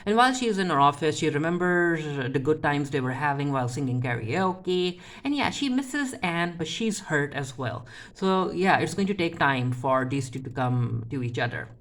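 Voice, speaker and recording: A chatty vlogger giving a casual TV episode recap at a middling pitch. The talk is full of fillers and small restarts. Scenes are retold through quick, paraphrased lines from the characters. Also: expressive. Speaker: TV episode reviewer.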